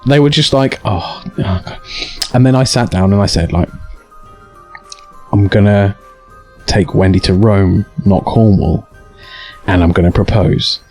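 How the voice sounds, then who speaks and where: A man's voice: lowish voice, a little slow, pauses often, faint music behind. Stammering man telling a story. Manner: animated, stammering restarts, acts out quotes. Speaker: streamer host. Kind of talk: storytelling on a live stream.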